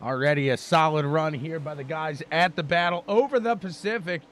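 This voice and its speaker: A man doing live race commentary, energetic and chatty, joking with viewers between calls of the action. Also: a little high, normal speed, a little hiss or hum. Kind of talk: live sim racing commentary.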